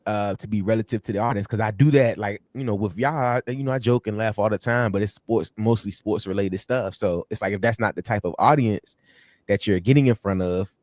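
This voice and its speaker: A man's voice: on the low side, a little fast, dry recording, clean studio sound. Laughing slangy man on a stream. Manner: laughing, animated, slangy storytelling. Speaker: sports show co-host. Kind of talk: casual livestream chat.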